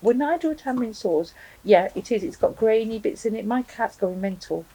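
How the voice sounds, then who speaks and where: A woman's voice: on the high side, lively intonation, fairly quick, dark tone, husky, low-quality recording. A woman reviewing hot sauces to camera at home, chatting casually and thinking aloud with frequent ums. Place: home, indoors with a cat.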